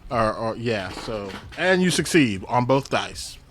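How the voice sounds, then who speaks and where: A man's voice: mid-range voice, big pitch swings, unhurried, a bit bright, faint music behind. A man acting as game master, narrating a tabletop game to the players with chuckling asides. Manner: addresses players in second person, chuckling asides.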